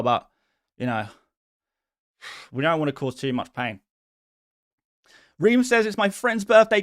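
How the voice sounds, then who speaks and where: A man hosting a live stream, chatting casually as he answers viewer questions, self-deprecating and quick to laugh. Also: medium pitch, fairly bright tone, no room sound, studio quality. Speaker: fantasy football streamer.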